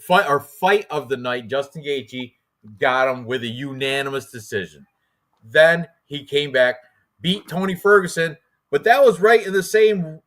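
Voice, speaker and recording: A man hosting a fight prediction show in casual chat, rambling and excitable, with lots of fillers and restarts. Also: a little high.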